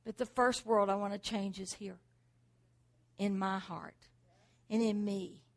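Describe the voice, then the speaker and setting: A woman's voice: medium pitch, steady tone, a little slow. A middle-aged woman preaching a sermon, driving points home with rhetorical questions and repeated exhortations.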